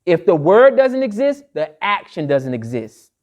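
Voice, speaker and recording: High-voiced man lecturing, lo-fi sound. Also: big pitch swings, a little slow, darkish tone. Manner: emphatic, repeats key phrases like a refrain. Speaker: speaker addressing an audience. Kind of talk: lecture to a live audience.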